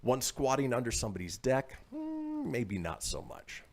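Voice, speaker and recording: A man's voice: medium pitch, normal speed, vocal fry. A man from northern Nevada hosting a radio show, chatting casually and reading news stories with frequent laughs. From northern Nevada, USA. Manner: animated, laughs often, reads stories aloud.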